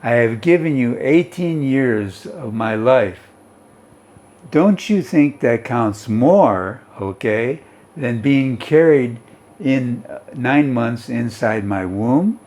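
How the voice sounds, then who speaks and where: A man's voice: mid-range voice, expressive, takes it slowly. A man reading as a tender loving mother. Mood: tender pleading. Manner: soft, pleading, sweet tone.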